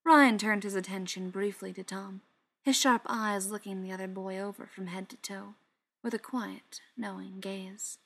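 A woman narrating a novel aloud, steady and dramatic, dropping to a hush in quieter passages. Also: medium pitch, normal speed, vocal fry. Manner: steady, dramatic reading with soft, hushed passages. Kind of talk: audiobook narration.

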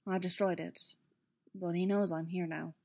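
Woman reader voicing a soft-spoken weary male Jedi, hushed, low, halting. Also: level tone, creaky, dry recording. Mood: hushed, gentle. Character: man, a weary gentle Jedi knight.

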